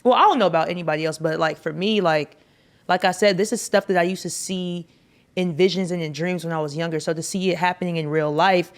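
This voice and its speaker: A woman co-hosting a casual studio chat show as a DJ, emphatic and sometimes loud and high when excited. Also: fast. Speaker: co-host and DJ.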